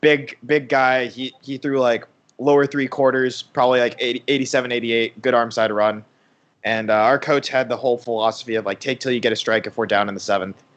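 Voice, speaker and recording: A man's voice: mid-range voice, steady tone, a little fast, a bit bright. A young man co-hosting a baseball watch party, rambling through a casual anecdote with lots of fillers. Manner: rambling storyteller, many fillers.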